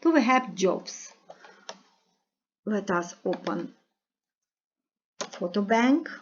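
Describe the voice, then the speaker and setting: A woman teaches from a textbook, explaining grammar and vocabulary. She speaks very slowly and deliberately, pausing often, at a middle pitch. The recording sounds dull and lo-fi. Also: lively intonation, breathy edge. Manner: slow, careful explaining with frequent pauses. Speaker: English teacher.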